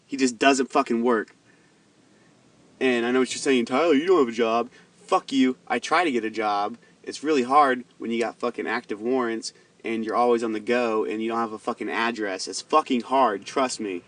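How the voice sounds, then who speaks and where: A man's voice: mid-range voice, steady tone, normal speed, fairly bright tone, recorded from a distance. A young man telling a story in a rambling, heated, heavily profane vlog rant. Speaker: vlogger.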